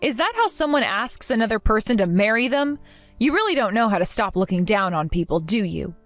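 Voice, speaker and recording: A woman's voice: mid-range voice, animated, brisk, no echo, soft background music, lightly acted. A woman voicing a wounded young bride. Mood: cold. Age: young adult. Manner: earnest, emotional. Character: jilted young bride, hurt then resolute. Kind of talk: narrated drama voice acting.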